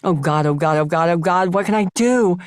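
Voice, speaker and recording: A woman's voice: very high voice, moderate pace, dry recording, studio quality, voice pushed up. Woman voicing a stammering panicky teen girl. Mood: panicked. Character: flustered nervous teenage girl, her younger self.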